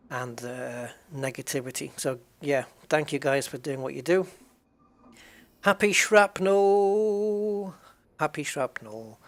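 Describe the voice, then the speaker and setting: English man, game streamer, tired, chatty, fairly high voice. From England. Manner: chatty, greets viewers by name, self-mocking. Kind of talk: casual game livestream chat.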